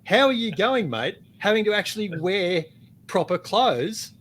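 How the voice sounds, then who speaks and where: A man's voice: sits high, big pitch swings, a little slow, a bit bright, slight background noise. A man co-hosting a rugby podcast, chatty and teasing. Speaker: podcast co-host. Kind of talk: casual podcast chat.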